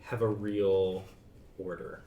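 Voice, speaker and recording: A man's voice: sits low, level tone, slow pace, narrow, tinny audio, a little hiss or hum, pitched below the performer's own voice. A man voicing a weary, fed-up male fantasy barista creature who speaks curtly and in exasperation. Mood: exasperated. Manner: exasperated, curt. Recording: roomy, distant mic.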